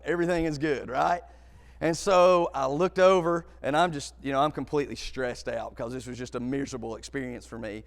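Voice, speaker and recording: A man telling a comic story, animated, acting out other people and shouting at the big moments. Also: mid-range voice, fairly quick, gravelly, long reverb tail. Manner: animated, acts out voices and shouts.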